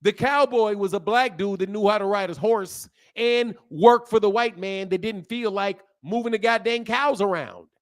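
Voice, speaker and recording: Male stream host with a high voice. Heated, slangy, repetitive lecturer answering chat. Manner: heated, lecturing, loose slang, repeats himself. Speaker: livestream host. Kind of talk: casual livestream talk, answering chat.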